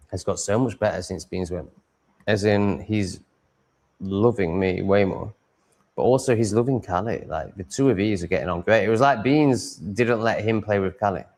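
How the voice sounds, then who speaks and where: A man talks through a casual live stream from home, answering viewers as he goes. His voice sits a little low. He rambles, swears freely, trips over restarts and chuckles between thoughts. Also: darkish tone. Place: at home with cats on his lap.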